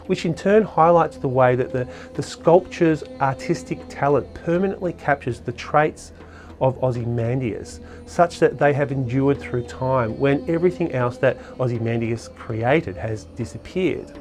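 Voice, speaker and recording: A man giving a measured, explanatory poetry lecture in scripted narration, stressing key words as he goes. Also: mid-range voice, darkish tone.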